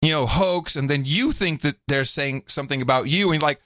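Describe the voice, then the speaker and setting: A man's voice: fairly high pitch, brisk, no echo, clean studio sound. A man co-hosting a podcast, chatting casually and telling stories with frequent laughs. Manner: animated storyteller, laughs often. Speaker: podcast co-host. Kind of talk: casual chat.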